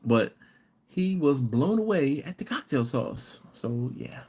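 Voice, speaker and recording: Male streamer from the US, mid-pitched, loose rambling chat with viewers. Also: very animated, takes it slowly, warm tone, husky. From United States. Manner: rambling storyteller, reads out viewer comments. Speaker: host of a live barbecue channel. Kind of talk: casual live-stream chat.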